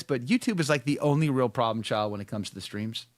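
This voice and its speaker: Chatty, wry male host with a lively voice. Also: medium pitch, fast, hardly any pauses, no echo, clean studio sound. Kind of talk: casual livestream chat greeting viewers.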